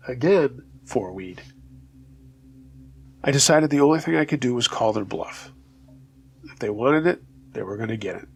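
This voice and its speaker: A man hosting a storytelling channel reads true scary stories in a steady, low-key scripted narration. His voice is gravelly and slightly rough.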